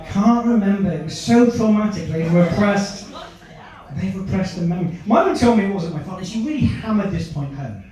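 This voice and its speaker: A man's voice: sits high, a little mellow. A man doing a stand-up set, chatting and quizzing audience members from the stage. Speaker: stand-up comedian. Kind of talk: stand-up set with crowd work. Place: comedy club stage. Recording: echoey club, from a distance.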